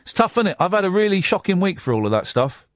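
Animated radio host, dry studio sound. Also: male voice, high voice, quick pace, no echo. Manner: animated, self-deprecating, stammers and restarts. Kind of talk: casual radio chat. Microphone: studio microphone.

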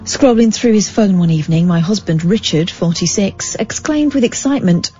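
A woman's voice: mid-range voice, expressive, normal speed, hardly any pauses, dark tone. A woman co-hosting a talk radio show, reading a magazine story aloud with dry, teasing asides. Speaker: radio co-host. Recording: dull broadcast audio over faint music.

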